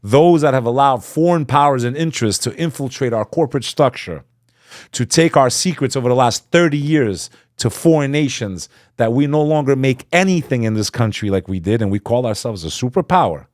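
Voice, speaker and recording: A man as a podcast guest, telling a story with fervor, swinging between loud emphasis and hushed asides. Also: medium pitch, lively intonation, fairly quick, no room sound, clean studio sound. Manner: acts out quoted speech. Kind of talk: impassioned storytelling in conversation.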